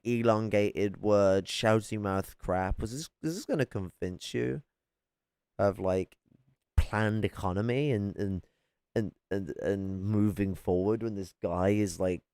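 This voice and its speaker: A man's voice: lowish voice, a little mellow, clean tone, dry recording, studio quality. Angry profane man ranting. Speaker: political commentator reacting to clips. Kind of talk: ranting reaction commentary. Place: his flat.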